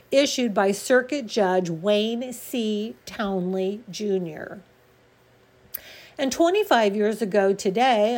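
A woman reading local radio news and history items in a measured, deliberate way, with the odd stumble. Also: mid-range voice, darkish tone. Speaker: news reader.

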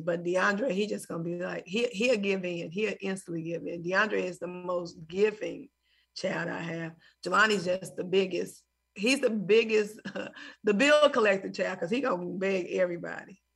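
A woman's voice: lowish voice, vocal fry, a bit bright, breathy edge. A woman in her forties, a mother interviewed as a guest, telling stories and acting out phone calls with laughter.

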